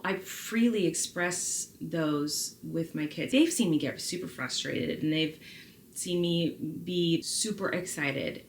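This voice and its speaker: Low-voiced woman chatting candidly. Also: a little hiss or hum. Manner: rambling, candid, many fillers and restarts. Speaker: vlogger. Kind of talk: casual talk to camera, answering viewer questions. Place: home.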